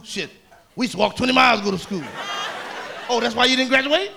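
Stand-up comic, high bright voice, profane and teasing, faint crowd laughter behind. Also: male voice, very animated, quick pace, vocal fry, background noise. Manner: loud, profane, teasing the audience. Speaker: stand-up comedian. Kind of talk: stand-up comedy.

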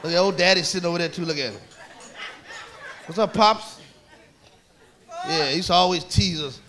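A man doing stand-up comedy on a club stage, loud and profane, teasing people in the audience. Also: sits high, normal speed, slight background noise.

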